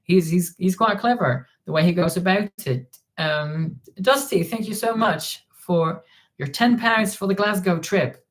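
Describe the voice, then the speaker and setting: Dutch-accented male streamer, relaxed chat, thanks donors between stories. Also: high-pitched, unhurried. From Netherlands. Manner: recounts events while reading viewer donations and comments. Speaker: livestream host. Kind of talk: casual livestream chat.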